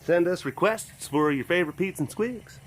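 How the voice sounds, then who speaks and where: A man's voice: high voice, lively intonation, normal speed, slight background noise, voice pushed up. A man putting on the voice of a cheesy morning radio DJ, reading out station patter in upbeat announcer style.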